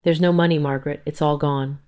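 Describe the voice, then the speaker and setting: A woman's voice: sits low, fairly even intonation, brisk, darkish tone, natural voice. A woman voicing a desperate, stammering gambler husband. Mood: pleading. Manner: pleading, stammering. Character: guilt-ridden male gambler son-in-law, pleading.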